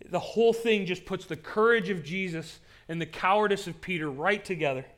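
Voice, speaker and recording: A man's voice: sits high, a little fast, a bit bright. A male pastor preaching a sermon from a stage, telling the story in an earnest, dramatic way. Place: stage with pulpit.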